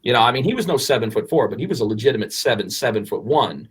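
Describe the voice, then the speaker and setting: A podcast co-host in his forties tells a story in an animated, rambling way, restarting often and swearing casually. His voice is medium in pitch with a breathy edge, and he talks fast.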